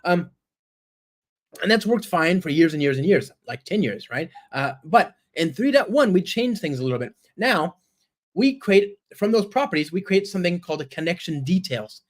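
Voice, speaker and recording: A man's voice: sits high, lively intonation, normal speed. A man giving a live-coding presentation at a conference, chatty and enthusiastic, often checking in with the audience with "right?" and "okay?" while he types code aloud. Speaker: conference speaker.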